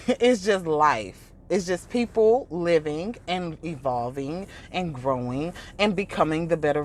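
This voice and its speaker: A woman vlogger ranting casually in an exasperated, mocking tone, laughing often and breaking into quoted impressions. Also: low-pitched. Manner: imitates others in quoted asides. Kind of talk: casual reaction rant.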